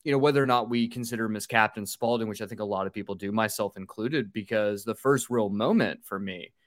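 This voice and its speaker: A man's voice: fairly low pitch, fast, no echo, clean studio sound. A man hosting an interview podcast, telling stories in a loose, chatty way with easy swearing and laughter. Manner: animated storyteller, swears and laughs freely. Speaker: podcast host. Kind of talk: casual interview chat.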